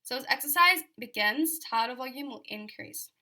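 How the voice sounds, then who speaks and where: A woman's voice: high voice, lively intonation, moderate pace, sharp tone. A young Australian woman giving a chatty exam revision lecture, full of fillers and repeated key points.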